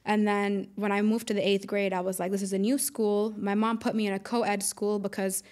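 A woman's voice: mid-range voice, little pitch movement, normal speed, darkish tone. A young woman from the UAE speaks with the Dubai private-school accent, which carries an American twang. She chats casually as a podcast guest, stringing thoughts together with plenty of likes and fillers. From United Arab Emirates. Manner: chatty, lots of likes and fillers. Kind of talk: casual chat.

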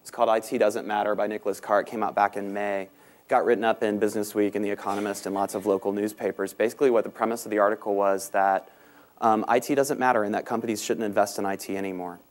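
A man with a Southern American accent speaks at a panel event with a fairly low voice. He talks quickly and fills pauses with "um" and "uh". He has a self-deprecating, conversational manner. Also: level tone. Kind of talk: conference talk. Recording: talk recorded in a meeting room.

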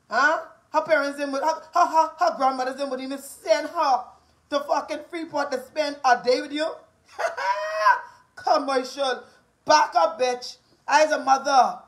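A woman's voice: high voice, low-quality recording. A Bahamian woman in her forties delivering a profane, combative rant, repeating her taunts over and over. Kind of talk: angry rant to camera.

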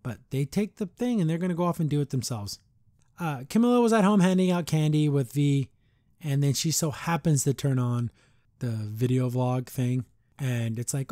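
A man hosting a podcast, recapping a cartoon episode in a rambling, animated way with mocking asides. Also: medium pitch, moderate pace, no echo, clean studio sound. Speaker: podcast host.

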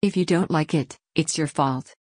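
A woman's computer voice reading out viewer messages in an even, mechanical way. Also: sits low, moderate pace, no echo, clean studio sound. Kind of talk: synthetic read-out of viewer messages.

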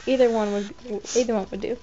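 Brief: quiet high-voiced woman, casual chat, noisy lo-fi. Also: steady tone, fast. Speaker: co-player friend. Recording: lo-fi recording with noise.

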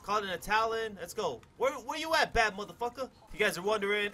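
Young male gaming commentator, high bright voice, loud and boastful. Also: expressive, fast, few pauses. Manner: hyped, cocky, swears a lot, sudden yells. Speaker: gaming YouTuber. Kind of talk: gameplay commentary.

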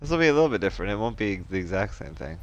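A man giving excited, laughing commentary as he plays an online shooter. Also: on the low side, racing, muffled recording, a little hiss or hum. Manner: excitable, laughing, reacting loudly. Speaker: gaming streamer. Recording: gameplay audio with music and gunfire.

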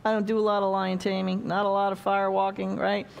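A woman's voice: mid-range voice, completely flat delivery, brisk, gravelly. A woman preaching a sermon in a church, playful and chatty, acting out little quotes as she goes.

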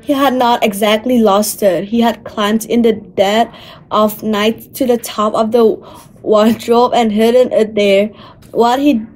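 A woman reads a storybook aloud at an unhurried pace, her voice a touch high. She reads carefully and measuredly, stumbling on a word now and then. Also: steady tone, darkish tone. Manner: careful, measured reading with small slips. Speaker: volunteer audiobook reader.

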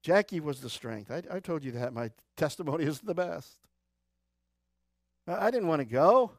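A man preaching a church sermon, swinging between loud urgent exhortation and quiet low asides, with a Midwestern American accent. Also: lively intonation, normal speed, dry recording, studio quality. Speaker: pastor. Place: church sanctuary.

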